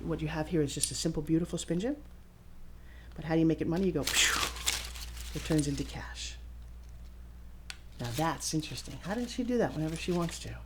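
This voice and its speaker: Woman in her fifties, excitable TV host, studio tour, showy, chatty to camera. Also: low-pitched, fairly quick, long pauses, background noise. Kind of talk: casual walking tour talk. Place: her own studio and offices, indoors.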